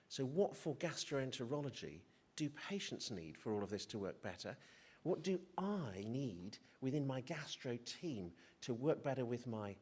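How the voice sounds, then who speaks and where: Middle-aged male doctor at a conference podium, unscripted and mid-pitched, who often restarts and jokes at his own expense. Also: a little mellow. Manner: hesitant, restarts, self-deprecating humour. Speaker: physician speaker. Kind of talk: conference presentation. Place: conference hall.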